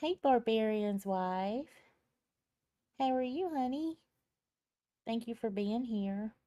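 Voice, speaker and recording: A woman's voice: fairly high pitch, takes it slowly, dark tone. A woman chatting casually on her live stream, greeting viewers by name with plenty of ums and laughs, sounding tired. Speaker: live-stream tarot reader. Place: at home at her computer with a small fan running. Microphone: computer mic.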